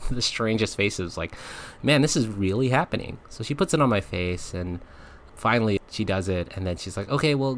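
A man's voice: fairly low pitch, slight background noise. A man, a podcast host, casually telling a personal story, laughing often and acting out the lines people said. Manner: chatty, laughs often, acts out quotes.

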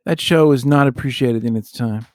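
A man's voice: medium pitch, moderate pace, dry recording, studio quality. A middle-aged man co-hosting a podcast in casual chat, joking and exaggerating for fun. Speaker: podcast co-host.

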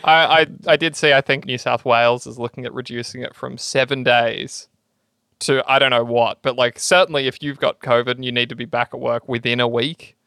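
A man's voice: medium pitch, steady tone, fairly quick, pushed and bright, no echo, studio quality. A young man co-hosting a podcast in casual chat, jokey and teasing. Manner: teasing, jokey, laughs often. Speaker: podcast co-host.

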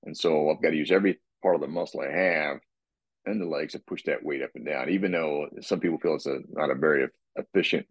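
A man talking casually about his workout, rambling and restarting his sentences and clearing his throat often. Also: extremely low pitch, quick pace, no room sound. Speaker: guest describing his workout. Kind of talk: casual podcast talk.

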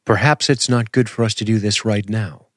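A man voicing a calm, soothing android AI companion, speaking softly and cautiously. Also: lowish voice, no room sound, studio quality, lightly acted. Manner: soft, cautious, measured.

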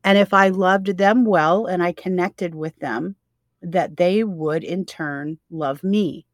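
A woman's voice: lowish voice, takes it slowly, no echo, studio quality. A woman co-hosting a faith-based parenting podcast, talking in an earnest, reflective way and sometimes reading scripture aloud. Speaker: podcast co-host.

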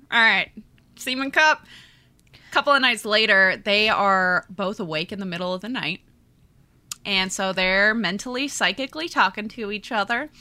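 A woman's voice: medium pitch, sharp tone. A woman hosting a podcast, gushing through a chatty book recap with many fillers. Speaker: podcast host. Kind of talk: casual book chat.

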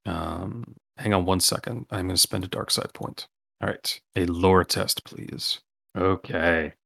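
A man's voice: deep voice, unhurried, gravelly, sharp tone. A man running a tabletop role-playing game as game master, rambling with many ums and restarts.

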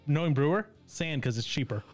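A man's voice: fairly high pitch, animated, brisk, faint music behind. A man hosting a casual podcast chat, rambling and joking with his co-hosts. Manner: rambling, jokey. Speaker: podcast host.

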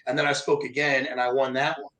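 A man's voice: medium pitch, quick pace, poor audio. A man, a motivational speaker telling a story in casual chat and acting out the voices of the people in it. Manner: animated, acts out quoted voices.

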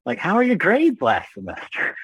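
A man's voice: sits high, huge pitch swings, moderate pace, fairly bright tone, breathy edge, dry recording, muffled recording, pitched above the performer's own voice, full character voice. Man doing his chirpy, doting mom. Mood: chirpy, reassuring. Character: cheerful, doting middle-aged mother.

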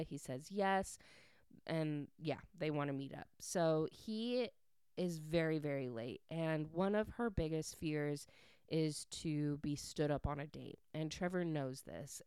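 A woman's voice: on the low side, darkish tone, clear, resonant tone, no room sound. A woman casually recapping a story plot to her viewers, chatty and full of "like" fillers.

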